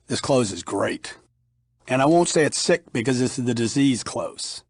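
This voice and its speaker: A man's voice: mid-range voice, expressive, moderate pace, slightly rough, dry recording, studio quality. A middle-aged man reading his own sales training audiobook in a punchy, emphatic way, acting out bits of sales dialogue. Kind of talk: instructional audiobook narration.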